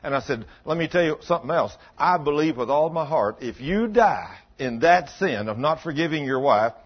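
A man's voice: fairly high pitch, lively intonation, normal speed, slightly rough, lo-fi sound. A man preaching a sermon in a folksy storytelling way, acting out both sides of past conversations. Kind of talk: sermon with acted-out dialogue.

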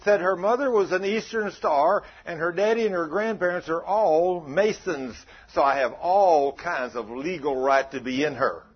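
A man, a pastor telling a folksy, animated story in a sermon, on a dull lo-fi recording. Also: on the high side, moderate pace, hardly any pauses, slightly rough.

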